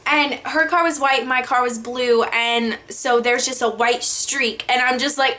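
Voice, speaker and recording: A young woman telling a storytime vlog, animated, cursing often and filling her talk with "like". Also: on the high side, unhurried, few pauses. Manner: animated, frequent swearing, many filler likes. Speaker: vlogger.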